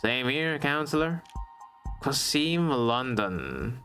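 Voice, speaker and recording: A weary old detective with a slow Texan drawl, as a man puts it on, rough and unhurried, over quiet game music. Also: medium pitch, very animated, exaggerated voice. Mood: dry. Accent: put-on Texan drawl. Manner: laid-back, drawling.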